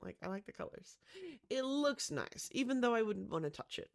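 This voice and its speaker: A woman's voice: mid-range voice, expressive, quick pace, vocal fry, darkish tone. A woman chatting casually with lots of gasps and "um"s as she builds a room in a life-sim game. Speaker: Sims builder. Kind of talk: casual gameplay commentary.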